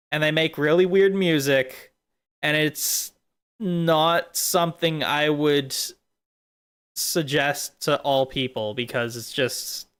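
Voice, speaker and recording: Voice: medium pitch, a bit bright, clear, resonant tone. A streamer in casual chat, rambling off into silly tangents.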